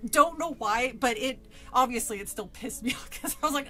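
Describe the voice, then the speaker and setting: A woman's voice: high-pitched, normal speed, sharp tone. A woman streamer casually telling a personal story, laughing often and swearing freely.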